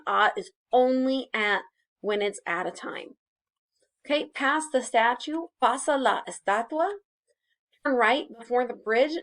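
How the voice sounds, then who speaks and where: A woman teacher explaining grammar in a casual recorded lesson, with many fillers and restarts. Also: on the high side. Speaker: Spanish teacher.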